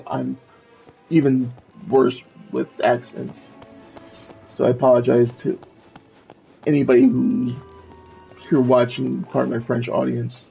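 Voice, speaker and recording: A man's voice: medium pitch, highs cut off. A man streaming a video game, chatting casually and self-deprecatingly while he plays. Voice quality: gravelly, raspy. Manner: relaxed, self-deprecating, thinking aloud.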